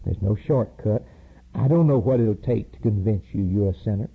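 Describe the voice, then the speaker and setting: A man preaching a fiery sermon, pleading with his listeners and rising to loud emphatic peaks. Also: lowish voice, moderate pace, vocal fry, breathy edge. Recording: tinny phone-like old sermon tape.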